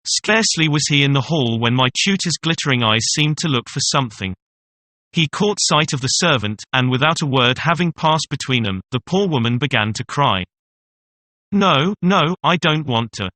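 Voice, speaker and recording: Bright-voiced man narrating a horror tale. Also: medium pitch, animated, normal speed, no room sound. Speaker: audiobook narrator. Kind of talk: scripted narration of a horror story.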